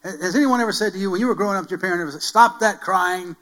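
A man's voice: high voice, expressive, racing, low-quality recording. A man preaching a sermon as pastor, asking the congregation questions and repeating key phrases with rising force. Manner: emphatic, repeats key phrases, builds to loud calls.

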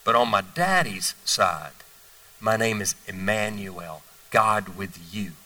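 A male preacher voicing the boy Jesus, speaking slowly and softly with quiet authority, heard from a distance in a church. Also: on the low side, lively intonation, pitched below the performer's own voice, heavily acted. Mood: solemn. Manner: slow, hushed, solemn.

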